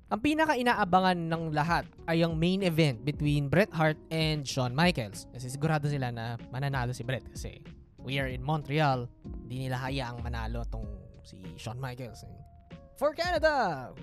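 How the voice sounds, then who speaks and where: A woman with a Filipino accent tells a story on a casual podcast in a lower-pitched voice. Her delivery is animated, and she moves easily between two languages. Faint music plays beneath her. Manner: animated, code-switching storyteller. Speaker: podcast host.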